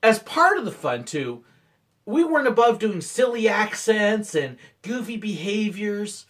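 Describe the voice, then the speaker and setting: Animated man telling playful work stories. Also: high-pitched. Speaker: former theme park ride operator. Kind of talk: storytelling vlog narration.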